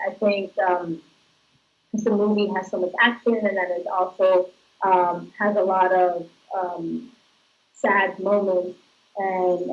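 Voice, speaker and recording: Chatty actress, dull lo-fi sound. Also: female voice, medium pitch. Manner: chatty, laughing storyteller. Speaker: actress guest. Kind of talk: casual interview answers.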